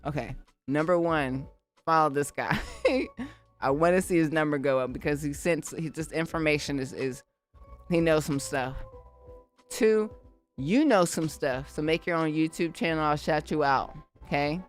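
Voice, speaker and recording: A woman's voice: sits low, normal speed. A woman hosting a live music-production stream, chatting casually and talking straight to her viewers. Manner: animated and chatty, addressing viewers directly. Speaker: livestream host and beatmaker. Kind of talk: casual livestream chat.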